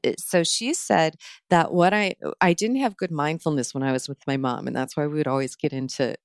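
A low-pitched woman talks through a mindfulness practice in a relaxed podcast conversation. She is calm and earnest and walks through each step with plenty of fillers. The recording is close and dry. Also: brisk, no room sound. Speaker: mindfulness teacher. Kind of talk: casual podcast chat.

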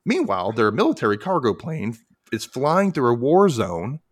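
A man casually recapping a cartoon on a podcast, animated, laughing often and acting out quotes. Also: medium pitch, moderate pace, slightly rough, no echo, clean studio sound. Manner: animated retelling, frequent laughter, acts out quotes.

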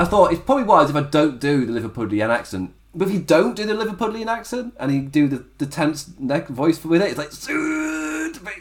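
A man talks through a wrestling episode in a loose, conversational recap. His pitch swings widely as he goes, and he keeps breaking into laughter at his own asides. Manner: chatty, often laughing at his own jokes. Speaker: wrestling show reviewer. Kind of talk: casual recap commentary.

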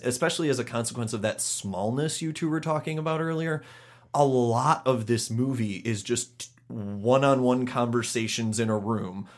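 Man, podcast host, measured, articulate, casual discussion. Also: mid-range voice.

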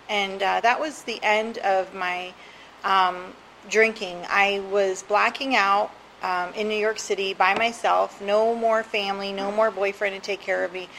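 A middle-aged woman from New Jersey, a guest on the show, candidly tells her own recovery story, often laughing and poking fun at herself. Her mid-range voice is creaky with a fairly bright tone, and the poor audio carries slight background noise.

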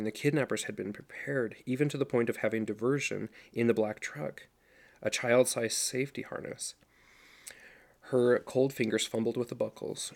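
A middle-aged man reading a novel aloud as narrator, in a steady storytelling voice. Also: on the low side, creaky. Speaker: audiobook narrator. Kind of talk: scripted narration.

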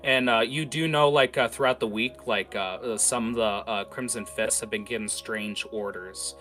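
Male game master, casual narration, bright low voice, lots of fillers. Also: normal speed, faint music behind.

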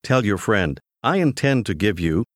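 A man narrating a language course in a clear, measured scripted style, giving prompts to the learner. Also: fairly low pitch, sing-song, no echo, clean studio sound.

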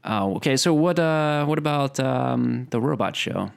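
Man, gravelly, low, lively swings in pitch, joking podcast co-host, profane banter. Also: unhurried. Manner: joking, profane, mock-sincere. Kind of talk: casual banter.

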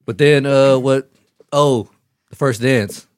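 A man's voice: mid-range voice, slow, clean tone, no echo, clean studio sound. Young man telling laughing, profane stories. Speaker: groom. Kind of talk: casual chat among friends.

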